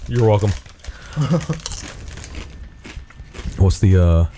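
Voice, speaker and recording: A man's voice: deep voice, extremely slow, warm tone, a little hiss or hum. A man co-hosting a casual snack review at home, joking, laughing often and reading labels in a mock-dramatic way.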